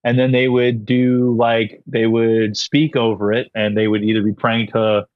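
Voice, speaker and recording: A man's voice: medium pitch, level tone, a little slow, no room sound. Rambling, profane young man, dry dull sound. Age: young adult. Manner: rambling, profane, full of fillers and restarts. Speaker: podcast guest. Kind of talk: casual podcast chat.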